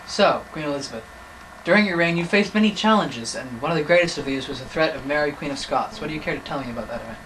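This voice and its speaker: A teenager interviewing and narrating a homemade mock documentary in a deadpan, unhurried way. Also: mid-range voice. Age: teen. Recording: hissy home-video audio.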